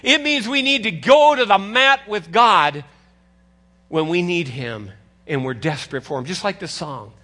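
An older man preaching a sermon as pastor, conversational and animated, teasing his congregation. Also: high-pitched, measured pace.

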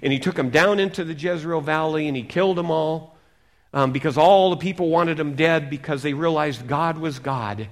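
A male pastor preaching a sermon, telling a story dramatically and swinging from loud emphasis to hushed near-whispers. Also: fairly high pitch, moderate pace.

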